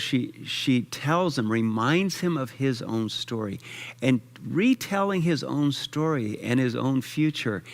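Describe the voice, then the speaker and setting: A man preaching a sermon in a church. He tells stories in a conversational way, and his voice sits in a middle register. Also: medium pitch. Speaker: pastor.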